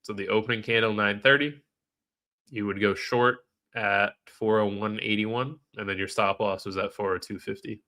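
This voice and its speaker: A man's voice: lowish voice, fairly even intonation, normal speed, bright, forceful tone. A man with a nasal, stuffed-up voice, live-streaming trading commentary in a casual way, thinking aloud and answering chat questions.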